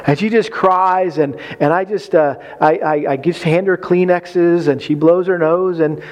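A man's voice: a little high, fairly even intonation, measured pace. A man preaching a sermon to men about marriage, telling a personal story and acting out his own reactions with animation. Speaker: pastor.

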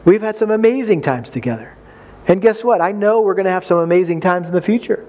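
Male preacher, high voice, chatty and humorous, slightly muffled sound. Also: animated, fast talker. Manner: conversational, folksy, with acted-out quotes and humor. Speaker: preacher speaking on marriage. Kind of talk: sermon.

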